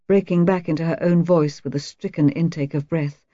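A woman reading a novel aloud in calm, measured first-person narration. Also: low-pitched, no room sound, dull audio. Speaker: audiobook narrator.

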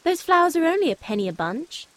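A man's voice: extremely high pitch, big pitch swings, fast talker, fairly bright tone, no room sound, pitched above the performer's own voice, exaggerated voice. A man voicing a peevish, snobbish young lady who whines and sneers in a storybook reading. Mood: disdainful. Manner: whiny and disdainful.

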